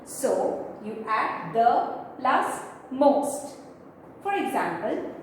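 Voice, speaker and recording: Speaking very slowly and with great animation, this woman's fairly high voice walks students through grammar one step at a time, spelling out letters as she goes. She's an English teacher recorded in an echoey room with a distant mic and faint background noise.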